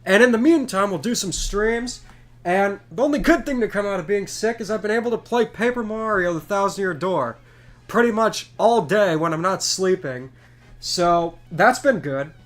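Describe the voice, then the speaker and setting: A man in his twenties, congested from a cold, chatting in a chatty, excitable way while streaming a game. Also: high voice, normal speed. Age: 20s. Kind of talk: casual live stream chat.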